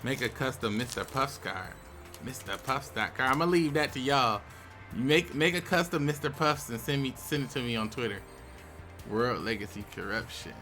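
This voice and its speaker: A young man hosting a casual video, chatting as he opens packs of game cards. He talks in a relaxed way, with sudden excited outbursts. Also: medium pitch, normal speed, faint music behind. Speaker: YouTube host. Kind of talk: casual commentary while opening game card packs.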